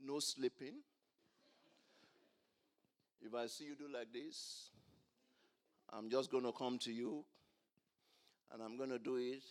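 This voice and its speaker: A man preaching a sermon, asking the congregation to finish his lines and swinging between quiet explanation and loud exclamations. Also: medium pitch, steady tone, slow, long pauses. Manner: call-and-response preaching, rising to loud exclamations. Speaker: pastor.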